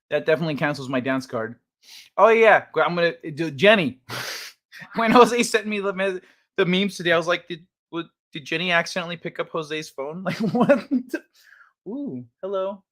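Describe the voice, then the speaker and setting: A male livestream host who talks in a loose, chatty way, reacting to his viewers, cursing casually and laughing often. His voice sits a little high for a man and swings up and down with lively, animated pitch. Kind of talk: casual live-chat stream.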